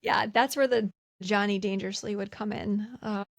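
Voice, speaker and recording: A woman's voice: medium pitch, fairly even intonation, normal speed, creaky. A woman co-hosting a podcast, casually retelling film scenes and acting out the characters' lines between laughs. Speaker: podcast co-host. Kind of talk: casual movie recap chat.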